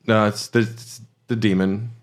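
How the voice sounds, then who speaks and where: A man's voice: fairly low pitch, little pitch movement, unhurried. A man co-hosting a casual podcast, explaining game details at length with many "uh"s and "like"s. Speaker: podcast co-host. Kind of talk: casual chat about a video game.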